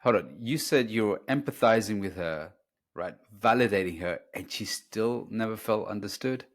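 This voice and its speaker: A man hosting a podcast as a relationship coach, telling stories in an animated way and acting out arguments with a raised voice. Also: lowish voice, normal speed. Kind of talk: casual podcast chat.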